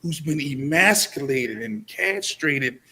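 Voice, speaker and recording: A man speaking as a guest on a live podcast, making slow, deliberate, forceful statements. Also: on the high side, animated, vocal fry, breathy edge. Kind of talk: live-stream podcast discussion.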